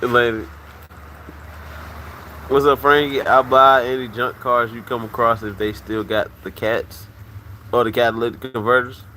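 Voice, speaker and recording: A man hosting a casual livestream, loud and rowdy, who laughs often and says he is a little drunk. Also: mid-range voice, level tone, unhurried, long pauses, slight background noise. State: slightly drunk. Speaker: livestream host.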